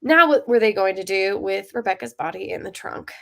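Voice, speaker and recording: A woman reading her own short story aloud, then chatting in a lively way and laughing often. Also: medium pitch, fairly quick, creaky, background noise.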